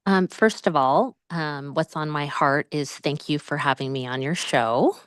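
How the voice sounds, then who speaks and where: Female interview guest, low smooth voice, slow heartfelt delivery, hesitant ums. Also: dry recording. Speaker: guest, author and speaker. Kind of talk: casual interview talk.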